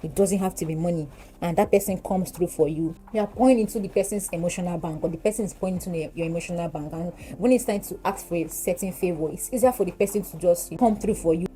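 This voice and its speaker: A woman in her twenties with a Nigerian English accent, chatting while doing her makeup, animated and giggly. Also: fairly low pitch, fast, few pauses, poor audio. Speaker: beauty vlogger. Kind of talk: casual get-ready-with-me chat.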